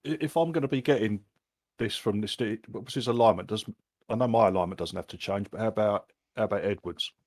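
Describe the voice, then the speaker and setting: A man's voice: fairly low pitch, quick pace, a little mellow, dry recording, clean studio sound. A man with an English accent playing a tabletop game, joking and bemused, calling others mate. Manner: bemused, jokey, calls people mate. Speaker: player. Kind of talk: casual tabletop play.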